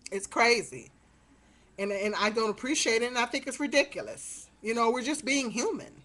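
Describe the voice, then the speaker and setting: Woman, middle-aged, slightly high voice, exasperated, rambling, webcam vlog. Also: moderate pace, fairly bright tone. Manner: rambling, exasperated storytelling with many fillers. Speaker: vlogger. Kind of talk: casual webcam monologue. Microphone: webcam mic.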